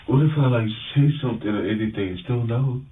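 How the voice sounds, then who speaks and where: A man's voice: mid-range voice, fairly quick, distant mic, a little hiss or hum. Pleading young man on tinny bodycam audio. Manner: pleading, repeats himself, calls officers sir. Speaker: arrested suspect. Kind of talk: pleading interrogation talk. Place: police interview room.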